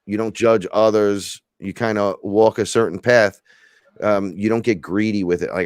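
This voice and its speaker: A man hosting a casual spiritual podcast chat, animated and profane, acting out imagined back-and-forth dialogue. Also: deep voice, moderate pace, dry recording, studio quality. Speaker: podcast host.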